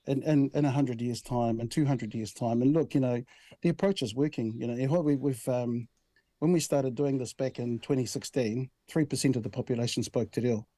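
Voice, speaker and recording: A man in his sixties with a New Zealand accent, talking in an easygoing, storytelling way and often restarting his sentences. His voice is mellow and sits at a middle pitch. It sounds close and dry, with no room echo. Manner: easygoing storyteller, frequent restarts, says "bro" and "right?". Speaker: head of a national language commission. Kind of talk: relaxed conversational interview.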